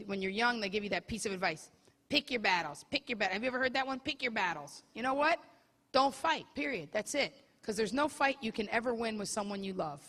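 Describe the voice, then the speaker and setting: A woman's voice: mid-range voice, vocal fry. A woman comedian performing a bawdy stand-up set live, teasing the audience members. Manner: brash, bawdy, crowd-teasing delivery. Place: comedy club stage. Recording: live club set with loud crowd laughter and noise. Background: crowd laughing.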